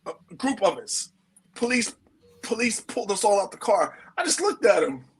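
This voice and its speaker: A middle-aged man with a New York accent, telling his stories in a slangy, animated way and acting out what people said. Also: sits high, normal speed, husky, poor audio. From United States. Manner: slangy and animated, acts out quotes. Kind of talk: casual storytelling.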